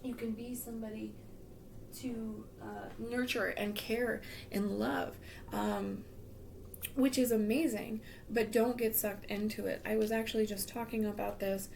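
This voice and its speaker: A woman's voice: a little high, fairly even intonation, a little slow, gravelly, a little mellow, a little hiss or hum. A woman giving a tarot reading in a casual, advising way, losing her voice, with frequent ums and some half-whispered words. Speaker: tarot reader.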